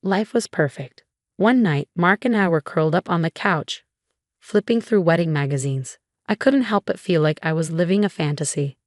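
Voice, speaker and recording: Young female storyteller, lower register, calm chatty delivery, dry booth sound. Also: moderate pace, dry recording. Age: young adult. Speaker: narrator. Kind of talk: scripted first-person story narration.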